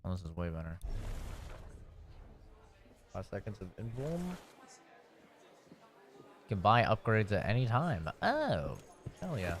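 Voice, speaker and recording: A man's voice: on the low side, very animated, takes it slowly, pauses often. A young adult man casually commentating a video game, swearing freely and reading on-screen text. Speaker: streamer.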